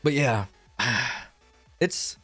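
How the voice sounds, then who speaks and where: A man's voice: medium pitch, lively intonation, extremely slow, a bit bright, slightly rough, no room sound, faint music behind. A young man streaming live, rambling through a profane, self-mocking story and losing his train of thought.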